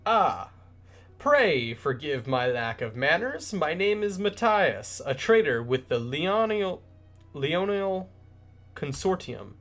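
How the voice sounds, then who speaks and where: A man's voice: a little high, big pitch swings, takes it slowly, a bit bright, soft background music, voice pushed up, full character voice. A man voicing a formal, overly polite male merchant while reading game dialogue aloud. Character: courteous smooth-talking male merchant.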